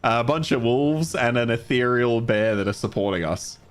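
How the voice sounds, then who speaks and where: A man's voice: mid-range voice, moderate pace, clear, resonant tone. A man streaming a game casually, chatting with viewers and swearing now and then. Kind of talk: casual gameplay livestream.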